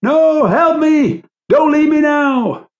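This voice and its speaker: A man voicing a panicked injured man who screams for help in a high, desperate voice. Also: fairly even intonation, a little slow, a little mellow, highs cut off, lightly acted. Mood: panicked shouting.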